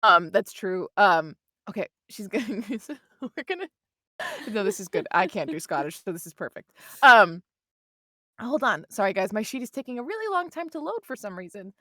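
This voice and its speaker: A woman's voice: medium pitch, sing-song, moderate pace, a bit bright, dry recording, studio quality. Chatty, giggly woman player. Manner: chatty, self-deprecating, giggly. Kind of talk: casual play at a tabletop game.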